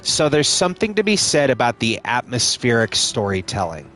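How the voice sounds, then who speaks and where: A man's voice: medium pitch, big pitch swings, moderate pace, a bit bright. A man casually commenting on a game he streams live, joking and swearing, with game music behind.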